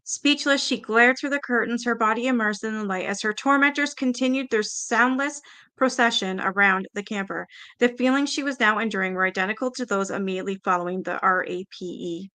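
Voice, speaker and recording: Bright-voiced woman reading aloud. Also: a little high, brisk. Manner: stumbles and breaks off to react, swears. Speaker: storyteller reading a book aloud. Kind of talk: casual read-aloud with reactions.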